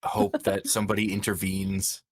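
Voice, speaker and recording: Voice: deep voice, flat delivery, moderate pace, a little hiss or hum. A player in a tabletop game, speaking hesitantly with many fillers.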